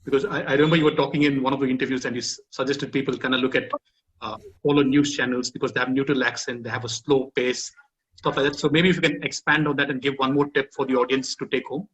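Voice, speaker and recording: A man moderating a panel discussion, introducing questions in a brisk, conversational way. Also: mid-range voice, steady tone, a bit bright, rough recording.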